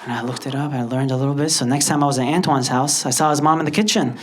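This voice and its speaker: A man from Lebanon doing an animated stand-up comedy set, often leaping into high put-on voices. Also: fast talker. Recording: loud background noise.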